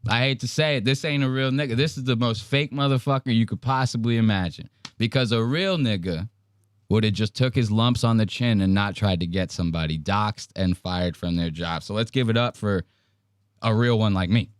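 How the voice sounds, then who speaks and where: A man hosting a casual commentary podcast, ranting loudly and mocking with a lot of profanity. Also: lowish voice, fairly quick, clean tone. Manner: loud, profane, mocking rants. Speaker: podcast host.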